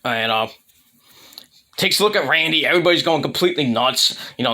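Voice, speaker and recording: A man's voice: a little high, expressive, a little fast, bright, forceful tone. A man giving a casual, rambling solo review rant about wrestling, full of fillers and restarts, blunt and irreverent.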